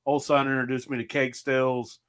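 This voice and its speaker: A man's voice: medium pitch, flat delivery, normal speed, fairly bright tone, smooth. A man guest chatting casually on a podcast, easygoing, laughing as he recalls stories and acts out quotes. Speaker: guest, moonshine partner.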